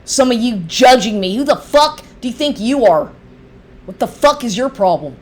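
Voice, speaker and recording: A woman's voice: fairly high pitch, lively intonation, normal speed. A middle-aged woman ranting angrily into the camera, profane, heated and sarcastic, mocking the man she addresses. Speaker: vlogger. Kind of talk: angry ranting monologue.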